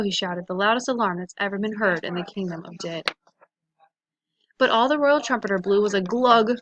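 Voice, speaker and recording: A woman's voice: mid-range voice, fairly quick, a bit bright. A woman reading a children's storybook aloud to listeners, giving each character a voice of its own.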